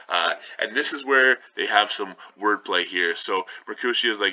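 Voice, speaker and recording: A man's voice: sits low, fairly even intonation, moderate pace, hardly any pauses, bright, forceful tone, dry recording. A male teacher casually explaining a scene of a play to students, talking conversationally with many asides. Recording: slightly dull lo-fi sound.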